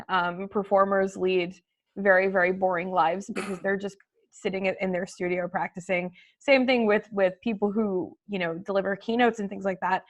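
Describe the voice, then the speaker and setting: A woman with a mid-range voice talks as a guest on an online chat. She is emphatic and lively and laughs easily. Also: mid-range voice, highs cut off. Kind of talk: casual webinar chat.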